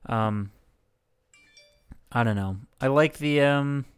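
A man's voice: medium pitch, takes it slowly, smooth. A man co-hosting a casual comedy podcast, sarcastic and rambling with lots of fillers, fighting off hiccups. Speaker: podcast co-host.

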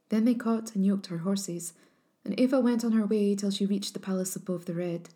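A woman storyteller reads an old legend in a measured, solemn cadence. Her voice is mellow and warm, never bright or sharp. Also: mid-range voice. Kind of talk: scripted narration of a legend.

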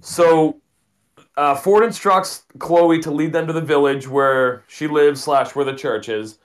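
A chatty man co-hosting a relaxed movie discussion, his voice sitting a little on the high side. He laughs easily and talks his way through his notes. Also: unhurried. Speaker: podcast co-host. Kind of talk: casual movie review chat.

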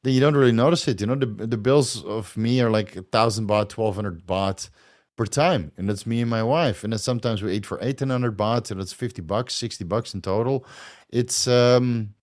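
A man's voice: lowish voice, normal speed, darkish tone. A man hosting a podcast in a casual, rambling chat, full of fillers and self-corrections. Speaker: podcast host. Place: lives in Thailand.

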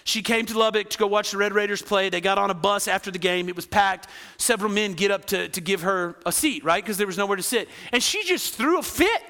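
A man preaching a lively sermon, often asking the crowd "right?" and acting out quoted voices. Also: high-pitched, fast, few pauses, in a large hall. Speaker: pastor.

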